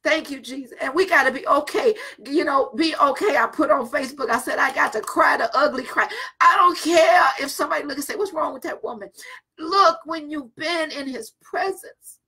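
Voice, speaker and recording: A woman's voice: sits high, normal speed, sharp tone. A woman pastor leading a fervent prayer and preaching in an informal, rhythmic way, repeating phrases and breaking into tongues.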